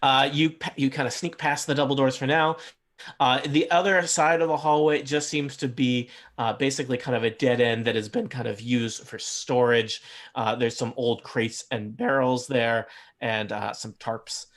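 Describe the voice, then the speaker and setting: A man with a medium-pitched voice runs a tabletop game as its game master. He describes the scene loosely, stopping often on ums and uhs. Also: steady tone, moderate pace. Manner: rambling, lots of uh and um fillers. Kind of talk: narrating a tabletop game, casual.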